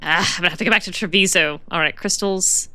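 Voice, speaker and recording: A woman's voice: on the low side, quick pace, bright, forceful tone, smooth. A woman giving chatty, laughing gameplay commentary as a let's-play streamer.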